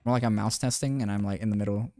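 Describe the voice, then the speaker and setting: A man's voice: on the low side, steady tone, brisk, dark tone, no echo, studio quality. A young man live streaming, chatting loosely with viewers while gaming, laughing a lot and swearing now and then.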